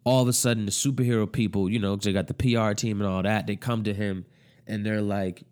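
A young man with a fairly low voice tells a story in a casual, animated way. He swears freely and uses slang. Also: fast talker, clear, resonant tone. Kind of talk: casual recap of a TV show.

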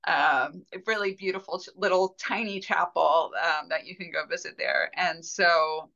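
Candid woman guest, bright voice. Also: on the low side, fairly even intonation, normal speed, gravelly, highs cut off. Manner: candid, rambling, with frequent fillers and soft laughs. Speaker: podcast guest. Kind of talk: personal storytelling in conversation.

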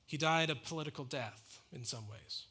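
A man's voice: a little high, normal speed, pushed and bright, slightly rough. A man preaching a sermon in an earnest, emphatic way, asking rhetorical questions and answering them. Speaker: pastor.

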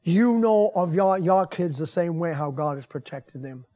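A man's voice: on the high side, animated, normal speed, mellow. An older man, a pastor and grandfather, preaching a folksy, conversational sermon to his congregation in a church. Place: church sanctuary.

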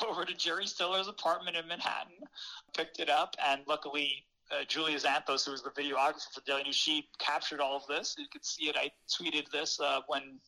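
A man, a former newspaper reporter, telling a story as an interview guest in a lively, laughing way with many fillers. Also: on the high side, poor audio. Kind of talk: casual storytelling.

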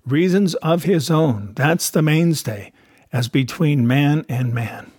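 A man voicing a half-wild marooned old sailor, cunning and anxious, speaking in rough sailor's grammar in a storybook reading. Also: fairly high pitch, expressive, slow pace, darkish tone, dry recording, clean studio sound, heavily acted. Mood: wheedling. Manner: rustic sailor's grammar, sly and insistent.

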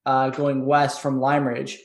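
A man in casual chat, chiming in with quick questions. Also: mid-range voice, completely flat delivery. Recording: roomy echo.

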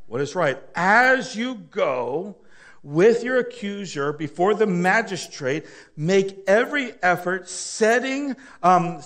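A man preaching a sermon as pastor, reading scripture slowly and pausing for the congregation to call out the missing words, then joking and swinging between loud and soft delivery. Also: high voice.

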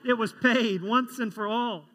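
Preaching with a very high, bright and forceful voice at a measured pace, a pastor tells stories and asks the congregation questions in a conversational sermon. The sound carries a large hall's long reverb.

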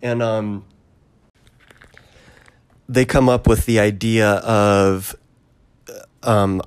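A man with a fairly low voice talks casually through a film's plot. He rambles, filling gaps with ums and likes and slipping into brief quoted lines as he goes. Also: fairly even intonation, drawn-out words, long pauses, smooth. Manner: rambling retelling with many ums and acted quotes. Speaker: podcast co-host recapping a film. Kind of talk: casual chat.

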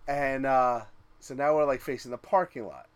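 A man's voice: medium pitch, moderate pace, clean tone, dry recording. Man telling a profane story. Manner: animated, profane anecdotes acting out his own reactions. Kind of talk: casual chat.

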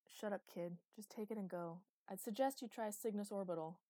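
A woman voicing a calm, understated older male guildmaster who talks gruffly and plainly. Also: mid-range voice, fairly quick, no echo, close to an everyday voice.

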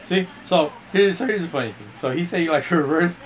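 A man's voice: fairly high pitch, a little fast, a little hiss or hum, rough recording. Young man rambling with crude stories. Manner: rambling, profane, restarts a lot. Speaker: gamer telling a story. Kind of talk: casual chat while gaming.

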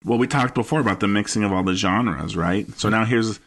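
A man co-hosting a podcast about a film, talking in an analytical way and often pausing to search for words. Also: on the low side, fairly bright tone. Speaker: podcast co-host. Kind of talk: casual film-discussion chat.

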